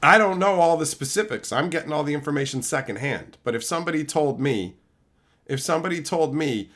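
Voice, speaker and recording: A man's voice: a little high, animated, fairly quick, fairly bright tone. A man hosting a livestream, ranting bluntly and swearing constantly as he answers chat and acts out both sides of an argument. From America. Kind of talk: casual profane livestream rant.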